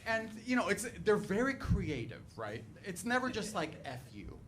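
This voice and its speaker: A middle-aged man doing a stand-up comedy set on a club stage, telling stories in a chatty, animated way full of "like" and "right". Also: high-pitched, normal speed. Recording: live club recording, background noise.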